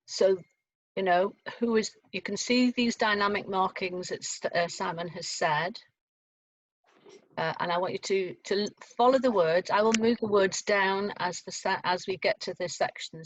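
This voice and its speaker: A woman, leading a choir rehearsal over a video call and explaining things step by step with plenty of fillers. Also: mid-range voice. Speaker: choir leader. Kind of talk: online choir rehearsal teaching. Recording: dull lo-fi video call audio.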